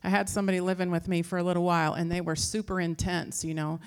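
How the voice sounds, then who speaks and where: A woman who teaches Christian faith, giving an informal talk and telling rambling, animated stories that act out other people's voices. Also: lowish voice, fast, smooth. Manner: acts out quoted voices.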